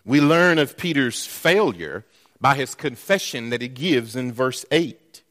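Slow, deliberate male preacher. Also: mid-range voice, animated, fairly bright tone. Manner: deliberate, asks the congregation rhetorical questions. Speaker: pastor. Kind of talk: sermon. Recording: long reverb in a church hall.

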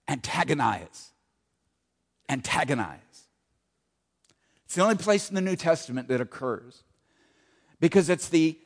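A man's voice: a little high, big-room sound. A man preaching a sermon, repeating key phrases with emphatic weight. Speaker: pastor.

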